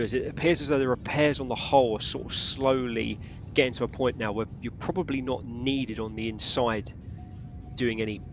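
A man's voice: medium pitch, vocal fry, highs cut off, background noise. A man running a tabletop role-playing game as game master, narrating in a rambling, casual way. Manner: rambling, casual, full of fillers.

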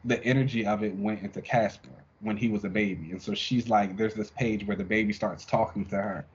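A man co-hosting a casual podcast, reviewing comic issues in a relaxed, rambling way full of fillers. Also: lowish voice, brisk, breathy edge, dull audio. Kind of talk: casual chat.

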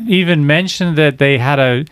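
A man co-hosting a martial arts podcast, talking in a reflective, measured way and often agreeing. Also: a little high, fairly bright tone, clear, resonant tone, dry recording. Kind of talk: casual chat.

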